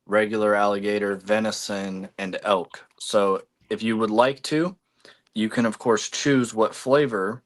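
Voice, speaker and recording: A man's voice: lowish voice, fairly even intonation, unhurried. A man hosting a casual livestream, rambling with many fillers and eating while he talks. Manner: chewing food while talking. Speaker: livestream host.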